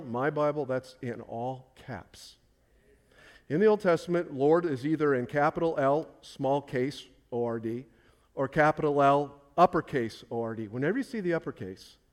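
A male pastor delivering a sermon with a somewhat high-pitched voice. He preaches emphatically, dropping to soft asides and then climbing to loud, stressed declarations.

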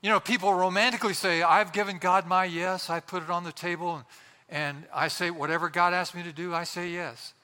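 A male pastor preaching a sermon with impassioned, dramatic pauses. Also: high-pitched, steady tone, pushed and bright. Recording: long hall reverb.

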